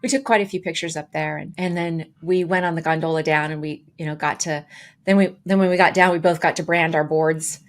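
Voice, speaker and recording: A woman co-hosting a podcast, casually telling a story with lively, acted-out quotes. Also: sits low, a little fast. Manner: animated, acts out quoted dialogue with voices. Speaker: podcast co-host.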